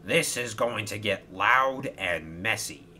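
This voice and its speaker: A man voicing a gruff sailor figure who talks in pirate slang, speaking sternly and slyly in a storybook reading. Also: lowish voice, expressive, takes it slowly, bright, forceful tone, a little hiss or hum, full character voice. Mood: shouting.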